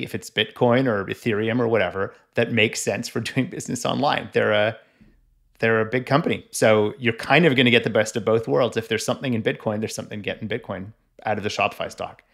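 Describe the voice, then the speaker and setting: A man's voice: medium pitch, creaky. A man from Canada co-hosting a tech podcast, wry and joking, often hedging his views. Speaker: podcast co-host. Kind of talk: casual podcast chat.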